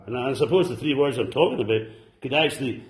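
A man preaching a sermon to a congregation, fervent and exclaiming, dropping at times to soft, low asides. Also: lively intonation, fast, roomy sound. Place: church service.

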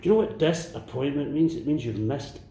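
A man preaching a sermon to a congregation, swinging between impassioned near-shouts and hushed whispers. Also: mid-range voice, animated, moderate pace, reverberant, a little hiss or hum. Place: church.

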